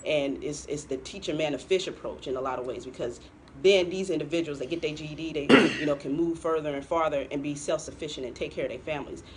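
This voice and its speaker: A woman's voice: deep voice, fast talker. A woman co-hosting a political talk show, giving pointed commentary and laughing often. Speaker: co-host.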